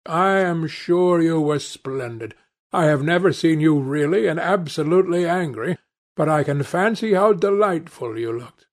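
A man reading the part of a witty, cynical aristocratic gentleman who speaks in languid epigrams. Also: a little high, moderate pace, lightly acted.

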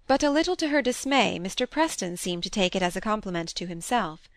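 A woman reads a classic novel aloud in a measured, even storytelling voice. Her pitch sits in the middle range. The close mic catches no room at all. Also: dry recording. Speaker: audiobook narrator. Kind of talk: scripted narration.

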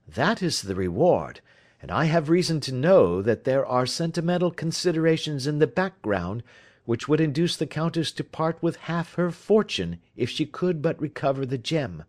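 A man doing a crisp, lecturing detective. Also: a little high, sing-song, moderate pace, a little mellow, pitched above the performer's own voice. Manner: precise, explanatory. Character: confident, incisive male detective, lecturing.

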